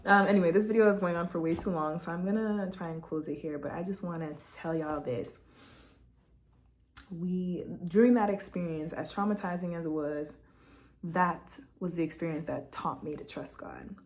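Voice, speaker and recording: Young woman vlogger from Quebec, slightly low voice, candid heartfelt testimony at a home laptop. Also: normal speed, slight background noise. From Quebec, Canada. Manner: candid, heartfelt, chatty, often laughing. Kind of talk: personal testimony vlog.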